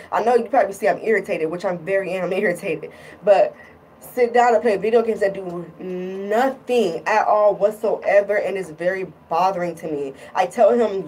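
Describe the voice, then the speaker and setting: A woman's voice: mid-range voice, moderate pace, a little mellow, distant mic, slight background noise, low-quality recording. A woman talking casually in a vlog, irritated and rambling, often repeating herself. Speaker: vlogger.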